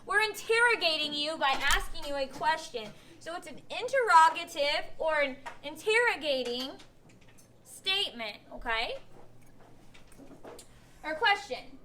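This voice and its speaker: A woman's voice: sits high, animated, a little slow, pushed and bright, slight background noise. A woman teaching young pupils in a classroom, patiently asking questions and acting out example sentences. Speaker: elementary school teacher. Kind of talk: classroom instruction.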